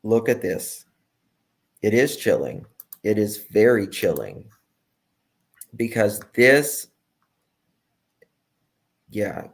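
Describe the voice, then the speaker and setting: Slow-talking male true crime commentator. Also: fairly low pitch, very animated, gravelly. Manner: emphatic, repeats key words.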